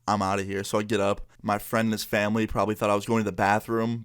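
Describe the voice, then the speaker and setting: A young man casually telling a personal story, acting out the voices of people he quotes. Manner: animated, acts out quoted voices with pitch jumps. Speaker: storytime YouTuber.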